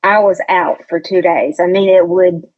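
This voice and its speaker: A woman's voice: on the low side, fairly even intonation, normal speed, highs cut off. A woman guest telling a personal story in a casual interview. She chats freely, acts out what others said, and laughs often. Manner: chatty storyteller who acts out quoted voices, laughs often. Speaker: podcast guest.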